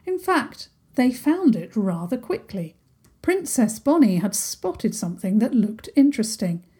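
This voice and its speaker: A woman narrating a children's story in a gentle, unhurried way. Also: on the high side, very animated, slightly rough.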